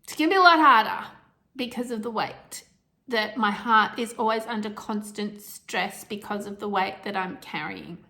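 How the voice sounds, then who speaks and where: A middle-aged woman telling a personal health story to camera, emotional and halting, with restarts and nervous laughs. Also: mid-range voice, bright, forceful tone.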